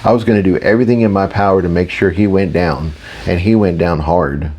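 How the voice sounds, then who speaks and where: A man narrates a fantasy audiobook in the first person. His reading is steady and matter-of-fact, in a fairly low voice. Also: fairly quick.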